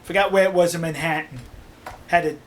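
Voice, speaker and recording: An older man telling stories in a casual, animated way, laughing often and acting out dialogue. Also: on the high side, fairly quick, slight background noise. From New York City. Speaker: storyteller. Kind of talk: casual storytelling.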